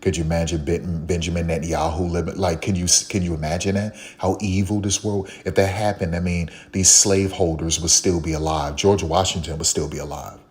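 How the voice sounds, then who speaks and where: A man's voice: low-pitched, fairly even intonation, brisk, few pauses, a little mellow. A man talking in a casual, preachy monologue, repeating phrases and firing rhetorical questions. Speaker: online commentator.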